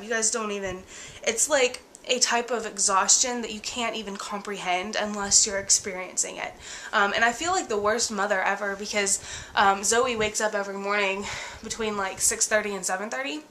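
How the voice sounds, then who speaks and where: A young woman talks to her camera in a casual vlog, worn out and breathless from a bad cold. Her voice is bright and forward despite the fatigue, and she drifts through ums and likes as she speaks candidly. A faint hiss sits under the recording. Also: mid-range voice, fairly even intonation, normal speed. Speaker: vlogger.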